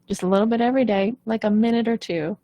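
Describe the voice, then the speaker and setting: A woman's voice: on the high side, fast, dull audio. A woman singing coach giving an earnest, conversational talk in a live online session, often checking in with "right?".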